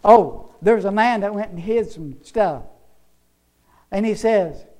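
A man preaches in a high, ringing voice. He swings from loud, emphatic bursts to soft, murmured asides, and his delivery keeps rising and falling. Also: measured pace, poor audio. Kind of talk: sermon.

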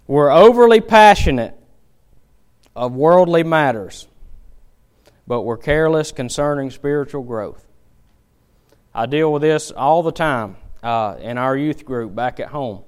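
A man preaching a sermon with a clear, resonant, slightly high voice. He tells folksy stories and drives his points home with emphatic, animated delivery. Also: unhurried, long pauses.

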